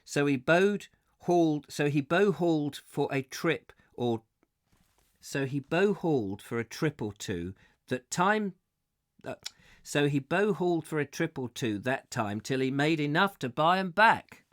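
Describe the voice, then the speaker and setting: A man's voice: on the high side, lively intonation, a little slow, a bit bright, dry recording, clean studio sound, voice pushed up. A man putting on a folksy West Country boatman. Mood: yarn-spinning. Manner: folksy yarn-spinning, rustic dialect. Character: burly old male canal boatman telling tales.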